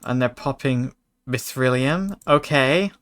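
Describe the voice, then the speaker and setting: A male streamer commentates a card game in a loose, chatty way, reacting to chat with jokes and put-on fury. His voice is bright and forceful, sitting at an ordinary middle pitch. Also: slow. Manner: chatty, joking, mock-angry asides to chat. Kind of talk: casual gaming commentary.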